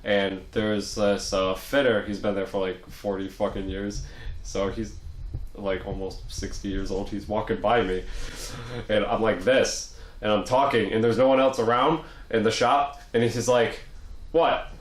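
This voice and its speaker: Young male podcast co-host, low voice, cursing, lively storyteller, echoey room. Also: normal speed, slight background noise. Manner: profane, animated storyteller. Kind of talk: casual chat.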